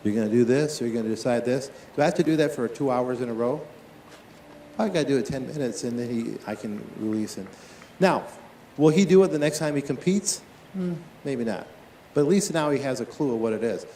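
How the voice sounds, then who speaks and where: A man teaching tennis in a live on-court demonstration, talking to his players and to watching coaches with quick, lively questions. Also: medium pitch, roomy sound, a little hiss or hum.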